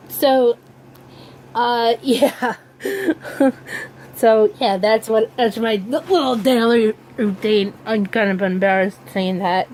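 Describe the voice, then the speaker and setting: Young woman vlogger, mid-pitched, slow and halting, casual chat, faint background noise. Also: rough recording. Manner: hesitant, many ums and restarts, slow drawl. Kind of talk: casual rambling vlog.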